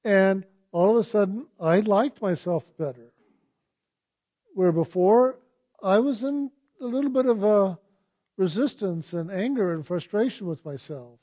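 A man giving a reflective spiritual talk, telling personal stories and asking gentle, searching questions. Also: high voice, measured pace. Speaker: spiritual teacher.

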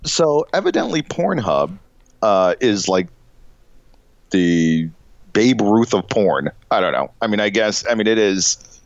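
A middle-aged man co-hosts a jokey podcast, talking in a loose, halting ramble full of fillers. His pitch swings freely between highs and lows. The audio is dull and dry, with a lo-fi feel. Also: big pitch swings, dry recording. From Illinois. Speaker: podcast co-host. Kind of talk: casual comedic chat.

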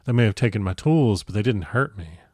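A man's voice: fairly low pitch, expressive, fairly quick, darkish tone, husky, no room sound. A man reading the part of a bitter old male witch who growls and sneers as he refuses to help. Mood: gloating.

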